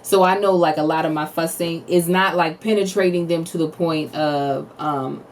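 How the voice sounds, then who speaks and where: Lively woman telling family stories. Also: sits low, normal speed, far from the mic, a little hiss or hum. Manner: animated storytelling, acts out quotes, laughs often. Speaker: podcast co-host. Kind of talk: casual chat.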